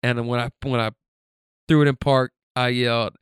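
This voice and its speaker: A man's voice: mid-range voice, little pitch movement, brisk, clean tone, no room sound, clean studio sound. A man hosting a podcast, telling stories in a loose, profane, rambling way full of fillers. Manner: laid-back, profane, filler-heavy rambling. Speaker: podcast host. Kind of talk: casual storytelling monologue.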